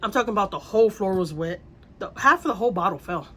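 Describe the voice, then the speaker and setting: A woman's voice: medium pitch, expressive, quick pace, bright, forceful tone, breathy edge. A woman telling a vacation story in casual storytime style, rambling and repeating herself with the odd swear word.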